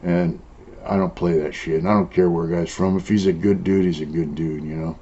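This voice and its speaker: An older man from San Diego, in Southern California, tells prison stories as a former prisoner being interviewed. His low, mellow voice moves a little fast with fairly even intonation, and his casual storytelling is blunt and profane, packed with "uh" and "you know." The recording sounds dull and lo-fi.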